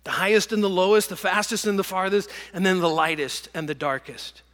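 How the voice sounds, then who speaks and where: A man preaching a sermon and telling stories, dropping to hushed whispers and rising to loud bursts. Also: high voice, steady tone, fairly quick, long reverb tail. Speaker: pastor.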